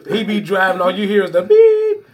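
Man, husky, high voice, laughs a lot, storytelling. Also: wildly swooping pitch, brisk, a little mellow. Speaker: podcast co-host. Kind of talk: casual banter.

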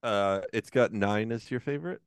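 A man's voice: on the low side, moderate pace, smooth, no echo. A man co-hosting a casual podcast, ranting heatedly and swearing often. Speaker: podcast co-host.

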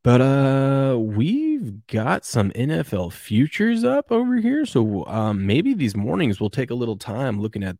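A man's voice: mid-range voice, wildly swooping pitch, unhurried, few pauses, dark tone, no echo, clean studio sound. A man hosting a casual morning sports show, rambling and chuckling as he reads viewer comments. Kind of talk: casual live sports chat.

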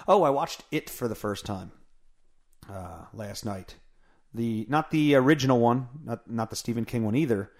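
A man's voice: mid-range voice, moderate pace. A man hosting his own podcast in a casual, blunt and profane rant, poking fun at himself, recorded at home on a mic with a pop filter. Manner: blunt, profane, self-mocking. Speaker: podcast host. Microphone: studio mic with pop filter through a mixer.

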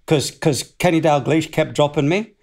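A man's voice: on the high side, normal speed, a little mellow. Older Australian man telling rambling stories. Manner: rambling, self-deprecating, often laughs. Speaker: guest, former footballer. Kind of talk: casual interview storytelling.

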